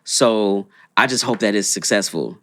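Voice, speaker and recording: A man's voice: on the low side, a little slow, pushed and bright. A young man co-hosting a podcast, chatting in a laid-back, rambling way with lots of fillers. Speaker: podcast co-host. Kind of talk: casual chat.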